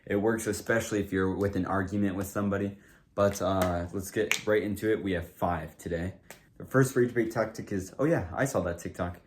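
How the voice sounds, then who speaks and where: Man, low voice, casual talk to camera, rambling, lots of fillers and restarts. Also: fairly even intonation, a little fast, background noise. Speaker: comedy video creator.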